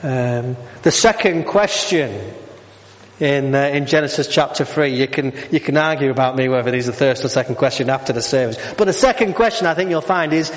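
A man's voice: mid-range voice, normal speed. A middle-aged man preaching a sermon, asking the congregation questions and slipping in jokes. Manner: jokey, asks the congregation questions. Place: church. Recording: long hall reverb.

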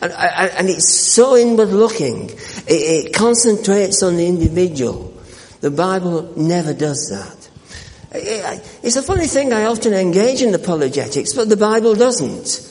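Male pastor preaching in a hall. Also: high-pitched. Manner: earnest preaching with repeated words and restarts, slowing for scripture. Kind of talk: sermon.

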